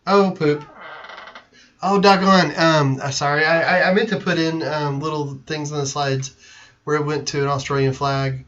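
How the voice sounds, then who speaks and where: A man's voice: a little high, fairly even intonation, normal speed, fairly bright tone, a little hiss or hum. A man hosting a casual livestream, chatty and giggly, trailing off and laughing as he talks. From Texas. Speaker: livestream host. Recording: lo-fi stream audio.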